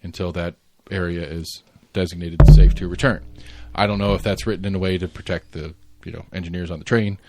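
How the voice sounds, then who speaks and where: A man's voice: deep voice, steady tone, a little fast, hardly any pauses, heavy background noise. A man co-hosting a casual current-affairs podcast, rambling with lots of fillers and restarts and the odd swear word. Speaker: podcast co-host.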